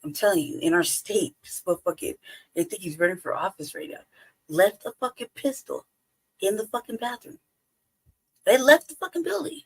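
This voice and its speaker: A woman's voice: mid-range voice, moderate pace, slightly rough, no room sound, low-quality recording. A woman hosting a livestream, giving profane, sarcastic casual commentary full of laughter and rhetorical questions. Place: home livestream.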